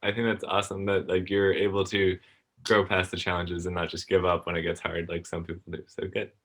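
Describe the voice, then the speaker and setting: A young man with a very deep voice hosts a relaxed podcast over a call. He talks in an upbeat, rambling way, leaning on fillers while steering his guests from one segment to the next. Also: brisk. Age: young adult. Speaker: podcast host. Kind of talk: casual podcast chat.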